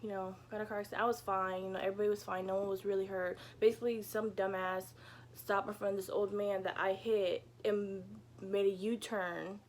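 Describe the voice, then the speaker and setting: A woman's voice: mid-range voice, level tone, brisk, slight background noise. A young woman vlogger telling a casual storytime from her bedroom, chatty and peppered with "like" and "you know," swearing freely. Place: home bedroom.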